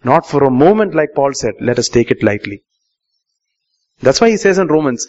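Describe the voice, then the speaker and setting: A man's voice: on the high side, sing-song, brisk, darkish tone. A male pastor, preaching a sermon and questioning the congregation, repeating key lines for emphasis. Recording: muffled live sermon recording.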